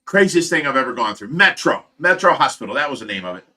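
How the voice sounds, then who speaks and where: A man with an Ohio accent hosts a livestream, telling a long personal story in a rambling, animated way and acting out the voices of the people in it. His voice is medium-pitched and fast.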